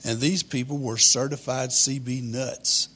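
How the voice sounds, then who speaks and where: A man, telling a humorous childhood story in a folksy, deadpan way. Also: medium pitch, unhurried, husky.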